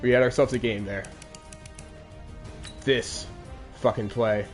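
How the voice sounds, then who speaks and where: A man's voice: mid-range voice, steady tone, slow pace, faint music behind. A man in his twenties hosting a game commentary show, recapping a lost Madden game in a crude, aggrieved rant. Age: 20s.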